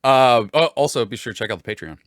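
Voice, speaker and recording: A man's voice: mid-range voice, animated, fast talker, fairly bright tone, dry recording, clean studio sound. A man hosting a live chat show, upbeat and reading viewer comments aloud. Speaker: host.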